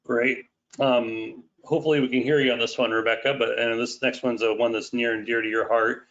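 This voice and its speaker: A man moderating an audience Q&A on a webinar, reading out questions in a measured way. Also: medium pitch, flat delivery, fairly bright tone. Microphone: video call. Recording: dull lo-fi call audio.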